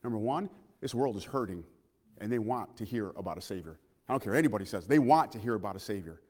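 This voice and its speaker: A man preaching a sermon in a church, impassioned, swinging from loud calls to hushed asides and asking his listeners questions. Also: lowish voice, animated, fast, long reverb tail.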